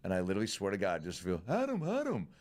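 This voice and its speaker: A man, a comedian and podcast host, telling a story in an animated, fast-talking casual way. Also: low voice.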